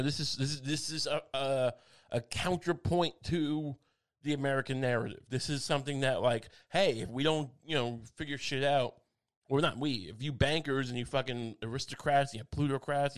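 A man ranting casually in a monologue, rambling and sardonic, with frequent swearing and restarts. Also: a little high.

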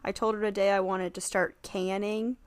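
A woman with a Southern US accent co-hosts a podcast in relaxed, casual chat. Her voice sits at a middle pitch for a woman. She reacts wryly and bluntly and likes to retell her conversations. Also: moderate pace. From North Carolina. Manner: wry, blunt reactions and retold exchanges. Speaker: podcast co-host.

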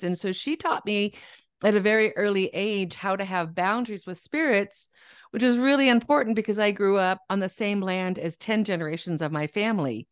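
Lively woman telling stories, dry sound. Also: mid-range voice, moderate pace, smooth, no echo. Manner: lively storyteller, acts out quoted voices, laughs often. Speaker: guest author. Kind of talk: casual podcast interview.

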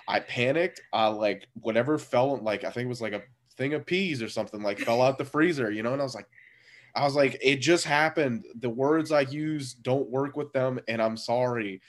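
A man in his thirties, talking casually in a loose, rambling way with lots of filler words. His voice sits at a middling pitch, and he often breaks into laughter as he tells a story. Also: a little fast. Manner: laid-back, rambling with many fillers and frequent laughs.

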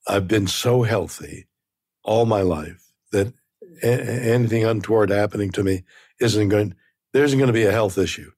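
Casting: man in his 90s, low husky voice, reflective and halting, dry close sound. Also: a little mellow, no room sound. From Canada. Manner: halting, repeats words, meandering. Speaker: interview guest. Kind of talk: reflective conversation.

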